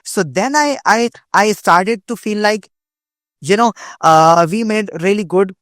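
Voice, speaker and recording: Speaking at a measured pace, this young guest from Pakistan, a digital marketing agency owner, earnestly recounts his career on an interview show, frequently starting phrases over. His high voice is a bit bright, captured in a dry, clean studio recording.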